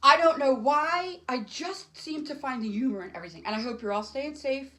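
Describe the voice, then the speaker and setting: A woman's voice: sits high, a little fast, fairly bright tone. A middle-aged woman doing solo stand-up to camera at home, rambling and emotional, jumping between topics. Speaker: stand-up comic. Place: home, alone.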